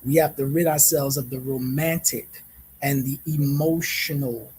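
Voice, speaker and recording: A man hosting a reflective monologue, speaking in a measured way, repeating phrases and often checking in with "right?". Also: medium pitch, fairly even intonation, darkish tone, breathy edge, poor audio. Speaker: host.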